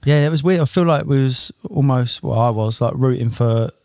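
A man's voice: medium pitch, normal speed, a little mellow, no room sound, studio quality. A man co-hosting a casual golf podcast, enthusiastic and slangy with frequent ums. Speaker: podcast co-host.

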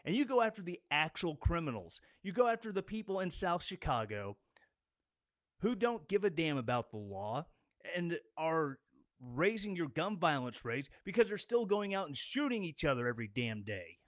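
A man's voice: on the high side, very animated, moderate pace, dry recording, studio quality. A man giving an angry, sarcastic political rant as a commentator. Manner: sarcastic and combative.

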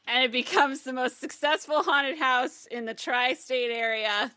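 A woman hosting a comedy podcast, spinning an improvised ghost story. Her voice is bright and slightly high. She narrates with lively energy and quick restarts. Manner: animated, laughing narration with restarts. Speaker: podcast co-host.

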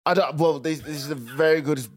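A man's voice: fairly high pitch, fairly quick, faint music behind. A man with a Birmingham accent, co-hosting a casual comedy podcast and joking with a lot of laughter. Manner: joking, laughs often, animated.

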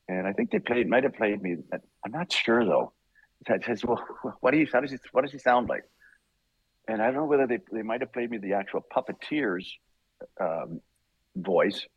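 Husky-voiced man telling rambling stories. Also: sits low, no echo, highs cut off. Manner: animated, rambling, laughs often. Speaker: voice actor guest. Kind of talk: casual interview storytelling.

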